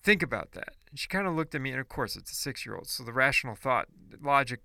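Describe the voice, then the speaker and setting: A man's voice: mid-range voice, fast talker, vocal fry, sharp tone, no room sound, studio quality. A man ranting in a casual monologue podcast, blunt and profane, preachy and rambling with restarts.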